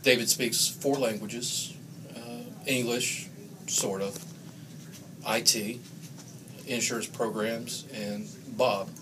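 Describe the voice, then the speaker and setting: A man delivering dry, deadpan roast jokes about a coworker. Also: mid-range voice, slow pace, pauses often, background noise. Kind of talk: joking roast.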